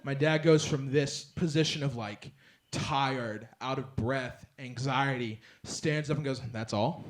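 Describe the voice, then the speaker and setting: A young man performing a stand-up set on a club stage, rambling through a story with lots of fillers and bursts of loud acted-out lines. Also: medium pitch, unhurried, a little hiss or hum. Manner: rambling storyteller, filler-heavy, swings loud when acting out others. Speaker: stand-up comedian. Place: comedy club stage with laughing audience. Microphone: handheld stage mic.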